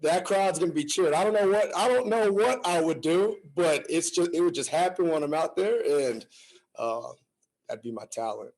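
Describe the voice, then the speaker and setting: A man, a college football player, speaking haltingly, repeating words as he searches for what to say. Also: on the high side, lively intonation, darkish tone, low-quality recording.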